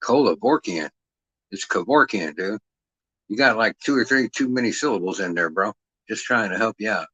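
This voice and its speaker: A middle-aged man rants on a livestream with a bright, forceful edge to his voice. He swears constantly and taunts his listener with rhetorical jabs. The sound is dry and close, with no room around it. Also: on the low side, brisk, slightly rough, dry recording, dull audio. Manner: aggressive, mocking, heavy swearing. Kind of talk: profane rant on a livestream.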